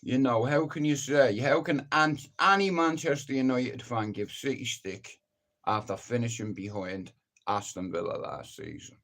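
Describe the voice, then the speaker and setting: A man's voice: mid-range voice, moderate pace, fairly bright tone. A middle-aged man hosting a live stream, ranting casually in a blunt, sweary, rambling way. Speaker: livestream host.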